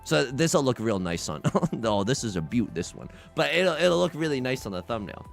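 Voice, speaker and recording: A young man chatting casually while streaming a mahjong game, rambling and self-deprecating, with nervous asides and sudden loud outbursts. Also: medium pitch, very animated, moderate pace, gravelly, faint music behind. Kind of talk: casual livestream chat while playing mahjong.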